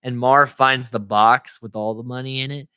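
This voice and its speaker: A man's voice: mid-range voice, steady tone, moderate pace, sharp tone, clean tone, dry recording. Chatty man in a dry-sounding podcast. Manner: chatty, laughs often, quotes scenes in character voices. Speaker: podcast co-host. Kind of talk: casual film recap chat.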